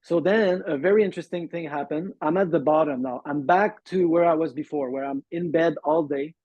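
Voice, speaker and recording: A man's voice: on the high side, a little mellow, no room sound. Man on a muffled call. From Montreal, Canada. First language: French. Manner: earnest, halting, acts out quoted dialogue. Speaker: guest sharing recovery story. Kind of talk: interview storytelling. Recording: dull lo-fi dry call audio.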